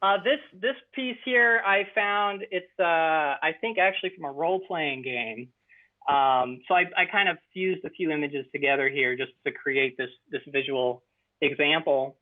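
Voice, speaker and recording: Young male guest, high-ish voice, earnest and halting, heard over a tinny phone-like connection. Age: young adult. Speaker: guest presenter. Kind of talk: casual interview storytelling. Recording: tinny phone-like call audio.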